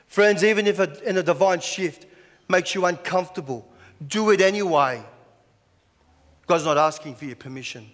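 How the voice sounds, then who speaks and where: A man's voice: high-pitched, normal speed, a bit bright. A man preaching a sermon as pastor, chatty, with lots of rhetorical questions. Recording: echoey hall.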